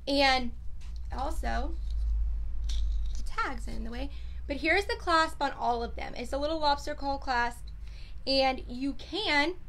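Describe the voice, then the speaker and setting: Bubbly high-voiced woman selling jewelry. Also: a bit bright. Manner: chatty, bubbly, laid back, lots of fillers. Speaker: online boutique host selling jewelry. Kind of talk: live sales video, casual chat.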